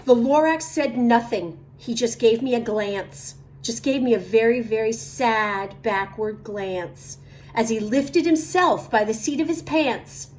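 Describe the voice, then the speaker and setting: A woman reading a rhyming picture book aloud to children in an expressive, sing-song way. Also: on the high side, a little slow, hardly any pauses, a little hiss or hum. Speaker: children's story reader.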